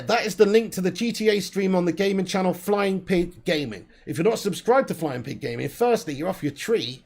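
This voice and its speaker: A man's voice: high-pitched, vocal fry, a little mellow. A man hosting a casual live stream, bantering, laughing and reading out viewers' names. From England. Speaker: host of a fan channel live stream.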